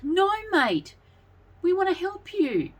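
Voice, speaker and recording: Friendly young knight, soothing and high, voiced by a woman narrator. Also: sing-song, slow pace, heavily acted. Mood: reassuring. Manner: reassuring, pleading.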